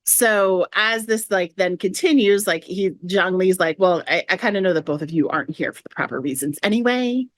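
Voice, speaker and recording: A woman's voice: mid-range voice, normal speed, hardly any pauses, no room sound, studio quality. Woman podcast host retelling game lore. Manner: retells game quests with quoted lines. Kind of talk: casual podcast chat.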